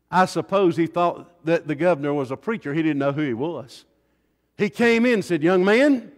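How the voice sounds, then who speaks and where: A man preaching a revival sermon, swinging dramatically between hushed tones and loud cries. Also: on the high side. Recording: long reverb in a large hall.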